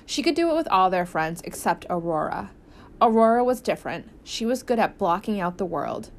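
A woman's voice: mid-range voice, sing-song, brisk. Woman reading an audiobook. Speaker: audiobook narrator. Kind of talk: scripted narration.

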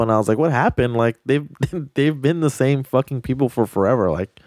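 A man's voice: on the low side, quick pace, hardly any pauses, darkish tone, no room sound. Crude laughing man, dry sound. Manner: crude, laughing, riffs and swears often. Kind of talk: casual podcast chat.

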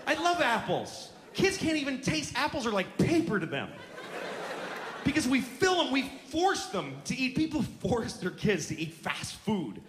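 A man's voice: very high-pitched, big pitch swings, normal speed. A man doing stand-up comedy in a theater, ranting in an exasperated, profane way. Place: theater stage. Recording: echoey theater, audience laughter.

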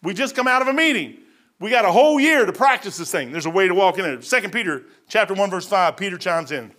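A middle-aged man with a drawl preaches from the pulpit in a high, ringing voice. He tells stories from his own life in a lively way, sinking to near-mutters on asides and then climbing into excited bursts. His tone is bright and forward throughout. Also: fast talker. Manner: storytelling preacher, swings from hushed asides to excited outbursts. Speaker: pastor. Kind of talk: sermon.

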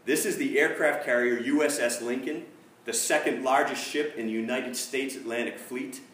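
A man voicing a blustering navy captain who loudly demands that another ship change course. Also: mid-range voice, fairly even intonation, normal speed, a little hiss or hum, lightly acted. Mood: demanding. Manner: loud, insistent, commanding. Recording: echoey room, distant mic.

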